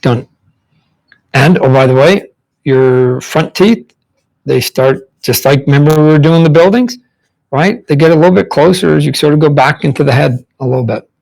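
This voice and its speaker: Man, slightly high voice, comic artist, casual live drawing lesson, rambling, repeats himself. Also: normal speed, creaky, a little mellow, low-quality recording. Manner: rambling, repeats words, talks while drawing; demonstrates mouth sounds and faces.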